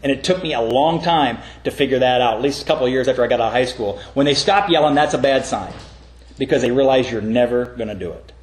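A middle-aged man preaching a sermon, telling stories earnestly and rising into emphatic, pitched-up points. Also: quick pace, echoey room. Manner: earnest storytelling with sudden emphatic rises. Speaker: pastor.

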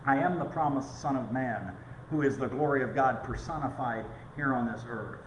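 A middle-aged pastor preaching a conversational sermon with stories. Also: male voice, mid-range voice, normal speed, slight background noise. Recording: echoey room.

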